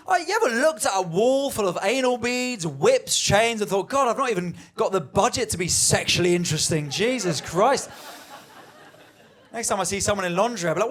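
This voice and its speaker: On stage at a comedy venue, a young man performs a stand-up set, telling a story and voicing the people in it. His voice is high, animated, a little fast and a bit bright.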